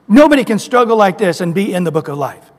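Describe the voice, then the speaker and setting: Patient, long-suffering God, played by a preacher, high-pitched, kindly exasperation, big reverberant room. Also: male voice, sing-song, normal speed, a little mellow, breathy edge, heavily acted. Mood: mock amazed. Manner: sighing, exasperated but kindly. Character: God, a patient, weary, forgiving male deity.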